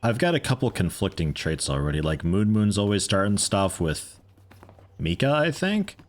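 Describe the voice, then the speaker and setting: A man's voice: on the low side, sing-song, normal speed. A man streaming a game, chatting casually and joking with his viewers in a rambling way. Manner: rambling, joking asides to chat. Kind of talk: casual gameplay commentary.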